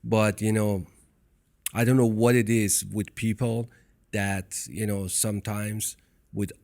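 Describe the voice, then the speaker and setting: A man's voice: on the low side, flat delivery, unhurried, a little mellow. A man with a foreign accent hosting a podcast, talking in an earnest way, repeating himself as he tells stories. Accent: foreign accent in English. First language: not English. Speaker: podcast host. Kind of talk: casual interview chat.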